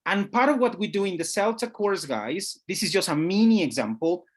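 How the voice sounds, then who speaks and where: Webinar teacher trainer, animated pitch, video call mic, keeps checking understanding. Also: normal speed, slightly rough. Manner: patient, checks understanding, often says "guys".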